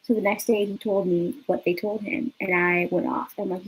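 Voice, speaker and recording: A woman's voice: medium pitch, flat delivery, moderate pace, few pauses, a little hiss or hum, poor audio. A young woman vlogger telling a casual, rambling story, swearing freely and saying "like" often. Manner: rambling, profane, lots of 'like'.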